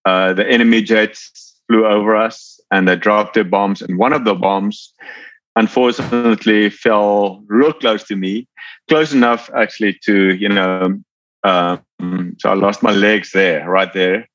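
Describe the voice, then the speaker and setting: A man from South Africa with a South African accent, telling his life story as a podcast guest in a relaxed, rambling way. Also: fairly low pitch, a little slow, no room sound, muffled recording. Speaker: podcast guest, Paralympic athlete. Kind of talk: casual storytelling.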